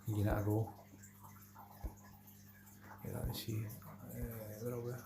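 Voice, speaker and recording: A man's voice: on the low side, little pitch movement, moderate pace, vocal fry, noisy background. A Scottish man from Glasgow hosting a casual fishing livestream, chatting with viewers by name and calling them "mate" all the time. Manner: chatty, says "mate" constantly, reads out viewer names. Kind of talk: casual live chat with viewers.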